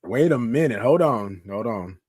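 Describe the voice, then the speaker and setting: A man in his fifties with a hoarse voice from a cold, hosting a casual morning live stream and greeting viewers by name. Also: mid-range voice, expressive, normal speed, darkish tone, no room sound. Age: 50s. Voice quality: rough, scratchy voice. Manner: chatty, greets viewers by name, calls them y'all. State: hoarse, sick with a cough.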